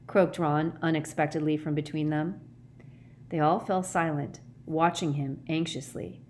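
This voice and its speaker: A woman narrating an audiobook in a clear, expressive reading voice. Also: sits low, measured pace, slight background noise.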